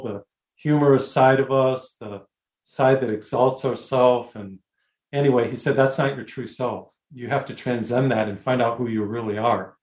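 Man, interview guest, earnest, emphatic, slows down on key words, middle pitch, echoey room. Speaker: guest author. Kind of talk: conversational interview, spiritual testimony.

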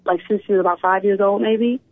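A woman in her thirties from Philadelphia, telling her life story as a guest in a casual interview, animated, often opening with "you know what". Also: medium pitch, quick pace. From Philadelphia, USA. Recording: tinny phone line.

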